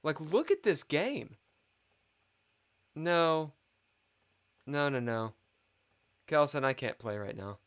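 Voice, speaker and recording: A man talks through a losing chess game, swearing and scolding himself as he goes. His voice is slightly high and swings widely in pitch, and he speaks slowly, drawing out his complaints. He sounds dry-mouthed and thirsty. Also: animated, a bit bright, clean tone. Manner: frustrated, swearing, self-critical muttering. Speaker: chess streamer. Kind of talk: live chess commentary.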